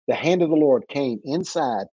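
An 80s-aged minister from Texas, being interviewed, tells dramatic personal stories, acting out the voices and slowing down for emphasis. His medium-pitched voice is expressive, dark, and slightly rough. The recording is dry, with the highs cut off.

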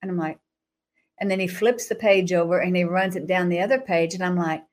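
A woman guest telling her personal testimony in an interview. She talks dramatically, acts out her own past thoughts with sudden jumps in pitch, and laughs between phrases. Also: steady tone, fairly quick. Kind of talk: animated testimony storytelling in an interview.

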